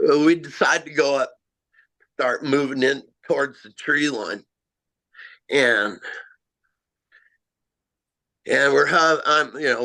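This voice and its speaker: Slow-talking middle-aged man recounting an encounter. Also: mid-range voice, creaky, pushed and bright, poor audio. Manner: halting and self-mocking, with frequent restarts. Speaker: amateur Bigfoot researcher. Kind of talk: first-person encounter storytelling.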